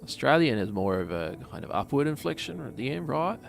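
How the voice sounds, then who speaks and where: A man's voice: medium pitch, sing-song, fairly quick, creaky, faint music behind. A man with a New Zealand accent, casually commenting on a game and reading its messages aloud with jokes. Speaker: streamer.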